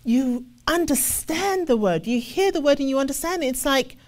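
Animated, fairly high-voiced woman teaching scripture. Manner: animated, acts out the voices of people she describes; reads scripture slowly with emphasis. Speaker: ministry officer teaching scripture. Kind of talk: sermon-style Bible teaching.

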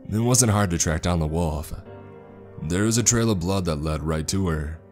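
Deep-voiced male horror story narrator. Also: normal speed, darkish tone, faint music behind.

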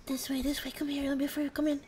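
A woman's voice: sits high, flat delivery, fast, a little mellow, slight background noise. A young woman streaming a horror game, reacting with jumpy shrieks, swearing and teasing banter. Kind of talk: casual live gameplay commentary.

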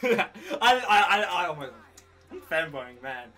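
A man with a New Zealand accent gushes through an excitable reaction, voice pitched high and sharp in tone, coughing now and then from a cold. His pitch leaps all over, and music plays faintly behind him. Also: measured pace. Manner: excitable, gushing, laughing and shouting often. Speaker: YouTuber reacting to an album. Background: music playing faintly.

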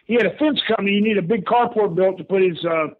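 A man's voice: sits high, quick pace. An older man, a guest telling stories casually over the phone, acting out the people he quotes and laughing often. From Houston, Texas. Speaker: guest, former pro wrestler. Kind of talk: casual storytelling. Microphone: phone call. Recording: tinny phone line.

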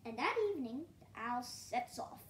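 A woman reading a children's story aloud in a gentle, hushed way that often drops near a whisper. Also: a little high, lively intonation, normal speed, echoey room, slight background noise.

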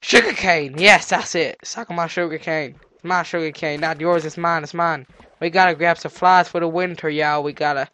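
A teenage boy with a cold and sore throat, doing let's play commentary as a gaming channel host, excitable and yelping at discoveries. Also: a little high, brisk, smooth. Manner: excitable, yelps and squeals at discoveries, chatters to animals.

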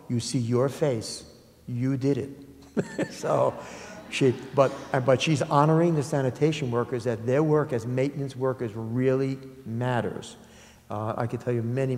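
Older New York art dealer, gravelly and dark-voiced, rambling anecdotes, reverberant hall. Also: male voice, mid-range voice. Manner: anecdotal, halting with many ums. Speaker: art dealer in public talk. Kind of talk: conversational storytelling talk. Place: lecture hall.

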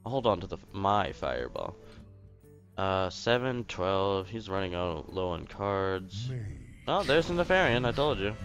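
Gravelly young man griping through a game. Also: on the low side, animated, unhurried, pauses often. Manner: frustrated, swearing, talks to himself. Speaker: streamer. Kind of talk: live gameplay commentary. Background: game music.

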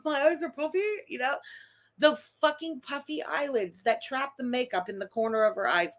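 A woman's voice: fairly high pitch, animated, moderate pace, fairly bright tone. A woman streamer giving profane, mocking, sarcastic reaction commentary during a live stream.

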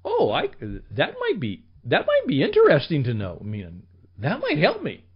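A man's voice: a little high, wildly swooping pitch, normal speed, breathy edge, full character voice. A man voicing a curious, surprised listener thinking aloud. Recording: slightly dull lo-fi recording.

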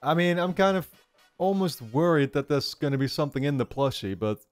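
Brief: male anime reactor, loose and excitable, swearing, bouncy lively delivery, faint music behind. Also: on the high side, brisk, no room sound. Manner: excitable, swears often, bursts into loud laughter. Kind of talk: casual reaction commentary.

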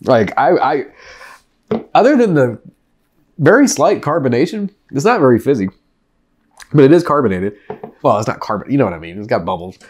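A man's voice: mid-range voice, very animated, a little fast, pauses often, a little mellow, breathy edge. Joking man rambling to camera. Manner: joking, rambling, laughs often. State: after eating a very hot chip. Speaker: vlogger reviewing food and drinks. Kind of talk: casual chat to camera. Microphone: desk mic.

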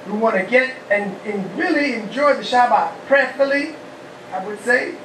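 A rabbi gives a lively call-and-response sermon, asking the congregation questions and shouting praise. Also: male voice, extremely high pitch, moderate pace, a little hiss or hum. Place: humid, warm house of worship. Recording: echoey hall, mic far off.

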